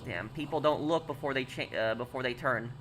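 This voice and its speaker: Bright-voiced man chatting on a game stream. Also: medium pitch, a little fast, slight background noise. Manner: rambling, many fillers and restarts, reading chat aloud. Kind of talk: casual live-stream chat while gaming.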